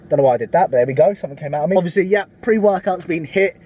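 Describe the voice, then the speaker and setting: A man's voice: fairly high pitch, lively intonation, racing, husky, highs cut off. A man chatting casually and profanely, vlogging as a fitness coach from a parked car. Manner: profane, blokey banter. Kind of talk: casual vlog chat.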